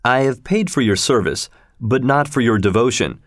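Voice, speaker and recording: A man reads as a composed, courteous gentleman traveller from a storybook, speaking with formal politeness. The voice sits in a middle register and sounds dry and close, with no room sound around it. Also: medium pitch, lively intonation, normal speed, no echo, close to an everyday voice.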